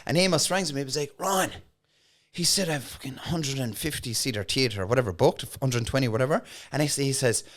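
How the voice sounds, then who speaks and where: Talking fast in a medium-pitched voice, a comedian from Ireland spins stories as a podcast guest. He's an animated storyteller who breaks into the voices of the people he describes during the casual chat.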